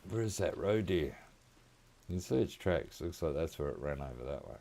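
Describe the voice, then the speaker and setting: Deep gravelly Australian man rambling. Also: animated, normal speed, dark tone. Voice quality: laid-back rambling, chuckling often, slang like mate and reckon. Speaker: gaming streamer. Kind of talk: casual gameplay chat.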